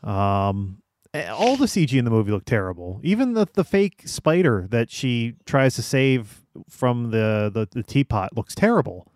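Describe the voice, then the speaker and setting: Smooth-voiced man ranting in casual chat. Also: medium pitch, sing-song, darkish tone, no echo. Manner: critical, halting, swears casually.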